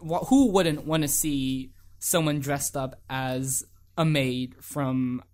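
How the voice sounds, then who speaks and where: Fast, loud joking American man. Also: medium pitch, fairly even intonation. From United States. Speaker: podcast co-host. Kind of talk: casual podcast chat.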